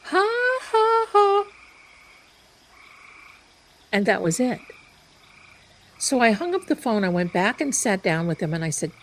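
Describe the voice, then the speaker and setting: A woman hosting a live stream, telling a story in an animated, chatty way. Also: medium pitch, moderate pace, a little hiss or hum, poor audio. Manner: animated, chatty, loud bursts of laughter. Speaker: psychic live-stream host.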